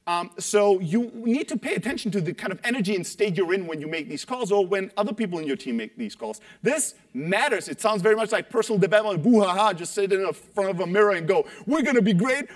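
A man giving an energetic talk on sales calls to an audience, acting out quoted voices and tagging points with "right?". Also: high voice. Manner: animated, acts out quoted voices, rhetorical "right?". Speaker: sales coach speaker.

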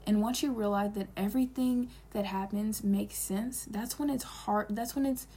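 A woman's voice: mid-range voice, steady tone, moderate pace, warm tone, slight background noise. A young woman giving an earnest, rambling, heartfelt self-help monologue.

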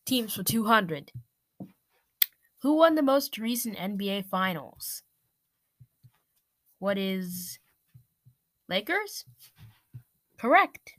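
This woman's medium-pitched voice comes slowly, with frequent pauses. She hosts a joke quiz show in a playful comedic sketch, taking on every contestant's part herself.

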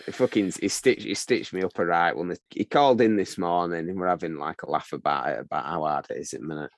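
A young man with a very low voice, worn out and swearing freely as he tells a story on a video call. His sound is dry and close, with no room echo. He tells it in a lively, animated way. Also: fast. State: exhausted after a twelve-hour shift. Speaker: video call chat participant. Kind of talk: casual chat.

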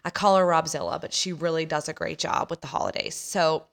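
A chatty woman in her thirties hosts a podcast and tells a story about her family. She laughs often and acts out the voices of the people in it. Her voice sits a little on the low side. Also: steady tone, brisk, gravelly. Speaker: podcast host telling a story. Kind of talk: casual storytelling.

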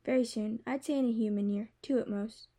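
A cocky young dragon prince in human form, as a woman reading a storybook puts him on. He teases and boasts in a mellow, fairly high voice, pushing his lines a little louder than the narration. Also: fairly even intonation, fairly quick. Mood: teasing. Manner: teasing, boastful. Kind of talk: audiobook character voice.

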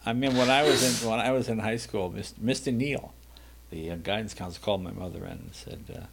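An older man from Massachusetts, a guest who used to host a talk show, telling anecdotes in a relaxed interview and acting out the other people in them. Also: fairly low pitch, fast, creaky, slight background noise. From Massachusetts, USA. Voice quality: dyslexic (not heard). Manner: anecdotal, acts out voices in stories. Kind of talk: casual interview storytelling.

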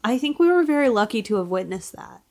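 A woman co-hosting a relaxed podcast conversation. She jokes in a playful, bantering way. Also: a little high, fast talker. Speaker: podcast co-host. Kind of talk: casual chat.

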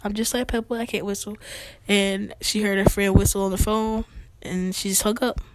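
A woman hosts a talk show in a chatty, playful manner, dropping in fillers as she rolls through light news. Her mid-pitched voice is recorded close and dry, with no room around it. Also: level tone, moderate pace, no room sound. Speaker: podcast host.

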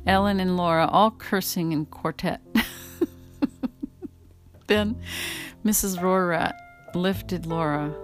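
A woman casually reading a memoir aloud, amused and prone to breaking into laughter. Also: lowish voice. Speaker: reader.

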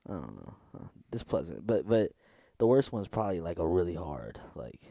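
A man's voice: sits low, very animated, moderate pace, gravelly, dark tone, no echo. A young man co-hosting a podcast, rambling casually with swearing and frequent self-interruptions. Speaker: podcast co-host. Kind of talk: casual chat.

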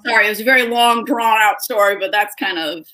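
A young woman, a guest on a video call, telling an emotional story in a casual, tearful way, with lively voices for the people she quotes. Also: medium pitch, brisk. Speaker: guest, dog owner.

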